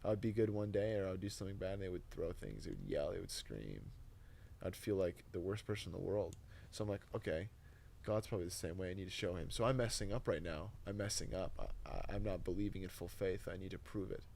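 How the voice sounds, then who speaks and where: Low gravelly young man telling his story. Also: fast talker, slight background noise. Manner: animated, emotional storytelling with frequent "dude" and "like". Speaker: podcast guest. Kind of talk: casual conversational testimony.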